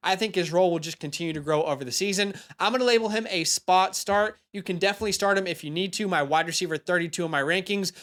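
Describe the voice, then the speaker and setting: A young man hosting a fantasy football show, giving energetic, emphatic start-and-sit advice in a casual monologue. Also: high voice. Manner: hyped, emphatic, speeds up and slows down.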